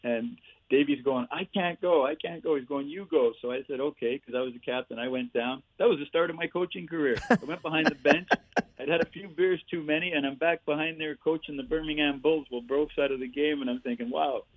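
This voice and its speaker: A man's voice: a little high, fast talker, no room sound. Man telling hockey stories over phone. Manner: animated anecdotes with laughs and "eh" tags. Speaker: guest, former player and coach. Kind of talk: storytelling interview. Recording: tinny phone-like line.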